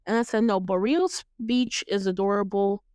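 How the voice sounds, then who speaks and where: Young woman podcast host, lively recap chat, smooth and clear, dry close sound; playful and laughing. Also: mid-range voice, normal speed, no echo. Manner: animated, laughing, acts out lines in playful voices.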